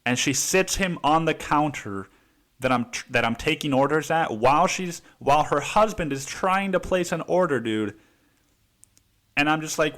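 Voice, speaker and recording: A man's voice: a little high, moderate pace, fairly bright tone. A man hosting a podcast, telling a story in a casual, heated monologue full of swearing and "dude.". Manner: profane, heated, says "dude" often. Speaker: podcast host.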